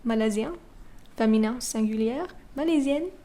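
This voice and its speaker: Patient woman teaching French, slightly high voice. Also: normal speed, mellow. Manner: patient, spells words letter by letter, checks with "okay?" and "right?". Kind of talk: classroom lesson explaining grammar.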